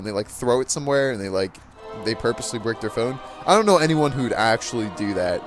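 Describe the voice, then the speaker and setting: A man's voice: medium pitch, lively intonation, brisk, over music. A teenage boy casually telling a funny story while playing a video game, laughing often and acting out what people said. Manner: chatty, laughs often, acts out quotes. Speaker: gaming channel host. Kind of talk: casual storytelling over gameplay.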